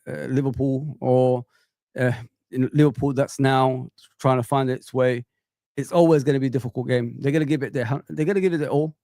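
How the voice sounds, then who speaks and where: A man hosting a fan channel, chatting casually and at length, animated and rambling with lots of fillers. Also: medium pitch, no room sound, studio quality. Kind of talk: casual live reaction chat.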